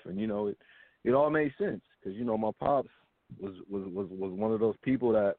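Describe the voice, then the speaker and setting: A man's voice: on the low side, brisk, no echo. A man from Los Angeles talks loosely about his music, circling back, restarting and dropping slang as he goes. The sound is dry and close, squeezed thin like a phone call. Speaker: guest artist. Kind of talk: casual interview talk.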